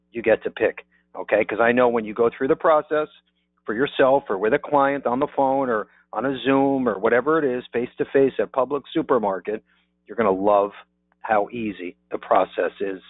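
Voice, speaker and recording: An insurance marketing presenter, a man with a medium-pitched voice, delivers an upbeat sales pitch on a webinar, often checking in with listeners by asking "okay?" The audio is dry and narrow, almost like a phone line.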